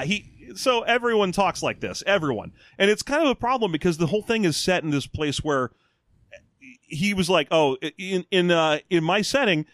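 A man co-hosting a podcast in casual chat, animated and mock-ranting with plenty of swearing. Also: a little high, no room sound, clean studio sound. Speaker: podcast co-host.

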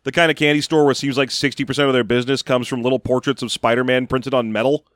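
A man's voice: mid-range voice, little pitch movement, quick pace, fairly bright tone, no room sound. A man co-hosting a podcast, chatting casually with dry, sarcastic jokes. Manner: dry, joking, riffs sarcastically. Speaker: podcast co-host. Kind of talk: casual chat.

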